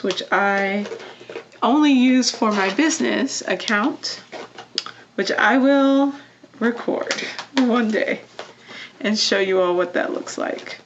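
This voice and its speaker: A young woman vlogger chatting casually as she counts cash into envelopes, often dropping to a soft murmur. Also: on the high side, dull audio, slight background noise. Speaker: vlogger doing budgeting videos.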